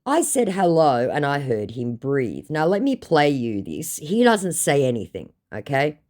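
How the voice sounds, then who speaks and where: A woman's voice: low-pitched, big pitch swings, a little slow, darkish tone. An Australian woman casually recounting a story in a blunt, sarcastic way, swearing freely. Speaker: scam-baiting channel host.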